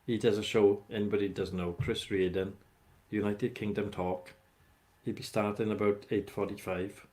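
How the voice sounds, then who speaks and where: Bloke on a morning livestream, deep-ish voice, just rambling and greeting folks. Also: male voice, fairly even intonation, normal speed, a little mellow. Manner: rambling, chatty, talks to viewers by name. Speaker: livestream host chatting with viewers. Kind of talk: casual live chat.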